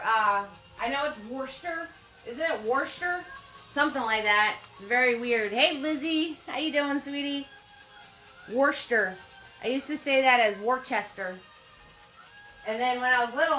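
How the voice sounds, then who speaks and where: Speaking at normal speed in a high-pitched, bright, forceful voice, a painting instructor leads a live lesson. She chats along the way and greets viewers by name, calling them sweetie and hon. The recording has room echo and faint music.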